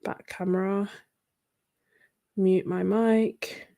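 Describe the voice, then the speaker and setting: A woman's voice: mid-range voice, flat delivery, drawn-out words, vocal fry, warm tone. A woman chatting casually on a livestream while she paints, rambling with many fillers and restarts and laughing often. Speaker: art livestreamer. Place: home desk. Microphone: phone.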